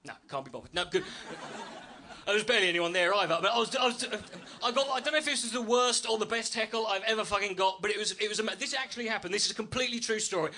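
A man's voice: high voice, rapid-fire, bright, forceful tone. Brash, sweary male stand-up comic. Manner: brash, sweary, self-mocking. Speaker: stand-up comedian. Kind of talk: stand-up routine. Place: comedy club stage with audience.

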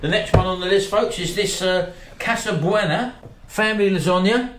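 Male host, chatty food-review talk, slightly high voice, roomy echo and faint noise. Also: normal speed. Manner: chatty, addresses viewers as folks. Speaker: channel host. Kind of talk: casual food review chat. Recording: echoey room, faint noise.

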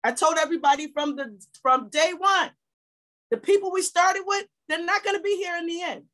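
A woman pastor preaching a sermon to her church, exhorting and repeating her points, rising to shouts. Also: very high-pitched, normal speed, low-quality recording.

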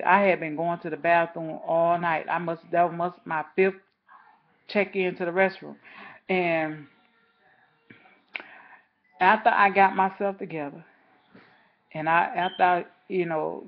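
A woman's voice: fairly low pitch, fairly even intonation, measured pace, long pauses, highs cut off. A woman vlogger telling a rambling story in a casual, chatty way, talking straight to her viewers.

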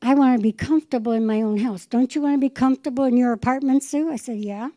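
A woman's voice: high voice, fairly even intonation, fast talker, mellow, dry recording, rough recording. A middle-aged woman pastor preaching a fervent sermon, acting out conversations with the Lord. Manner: fervent, quotes the Lord in dialogue.

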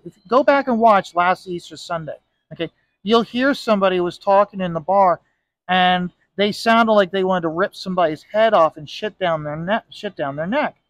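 Emphatic ranting man with a bright, higher voice. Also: dry recording. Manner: ranting, emphatic, repeats "okay?". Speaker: comic book inker and video host. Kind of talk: casual monologue vlog. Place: bar.

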